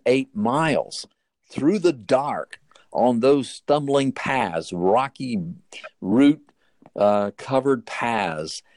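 A man's voice: medium pitch, a little mellow, no room sound. A man preaching, retelling a Bible story as an earnest storyteller whose voice climbs sharply at dramatic moments. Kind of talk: sermon-style Bible storytelling.

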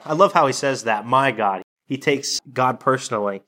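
A middle-aged man, a pastor delivering a sermon in a soft-spoken, conversational way. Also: medium pitch, normal speed, few pauses.

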